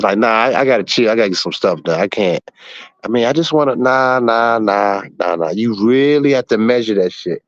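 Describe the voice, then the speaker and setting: A man's voice: on the low side, no room sound, lo-fi sound. A man in his forties telling stories in a blunt, profane way during a casual podcast chat. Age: 40s. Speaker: show host.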